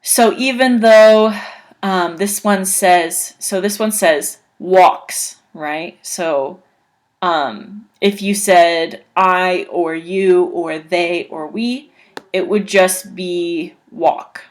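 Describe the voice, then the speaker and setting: A woman's voice: lowish voice, very slow. A woman teaching an English grammar lesson, carefully sounding out words letter by letter and repeating examples.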